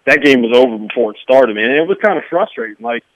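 A man calling in as a guest on a sports radio show, talking casually with halting restarts. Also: mid-range voice, animated, a bit bright, no echo. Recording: tinny phone line.

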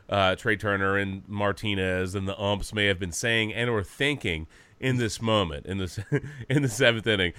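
A man hosting a podcast in casual chat, relaxed and chatty. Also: fairly low pitch, dry recording. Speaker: podcast host.

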